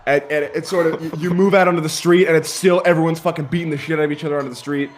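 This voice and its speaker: A man's voice: fairly high pitch, steady tone, racing. Rambling man running a tabletop game. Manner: rambling, laughing, many restarts. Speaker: game master.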